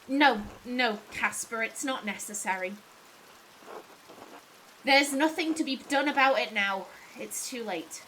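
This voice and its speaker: A woman voicing a weary middle-aged male master painter in a game, speaking low and quietly with a mournful tone. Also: slow pace, slight background noise, low-quality recording.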